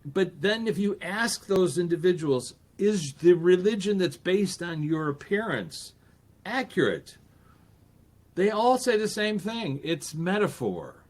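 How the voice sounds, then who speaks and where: Animated man, guest on a podcast. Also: high-pitched, unhurried. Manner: animated, acts out quoted voices, frequent restarts. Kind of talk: casual conversational interview.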